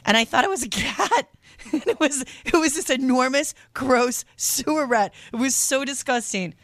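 A woman hosting a radio shopping show, chatting casually and animatedly, reacting with loud disgust and telling stories. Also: high voice, expressive, moderate pace, no echo, clean studio sound. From lived in New York.

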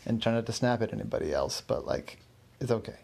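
A man voicing a supportive male friend who talks him down calmly. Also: on the low side, quick pace, creaky, husky, heavily acted. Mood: reassuring. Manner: soothing, reassuring.

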